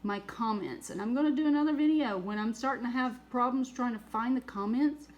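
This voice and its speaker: Excitable, rambling woman vlogger. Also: a little high, fairly quick, muffled recording. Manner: excitable, rambling, laughs often. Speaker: spiritual vlogger. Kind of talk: rambling casual vlog.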